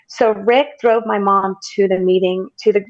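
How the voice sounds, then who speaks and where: A woman's voice: medium pitch, fairly even intonation, measured pace, no room sound, dull audio. A woman guest recounting her story as a testimony, earnest and emphatic, repeating phrases for weight. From United States.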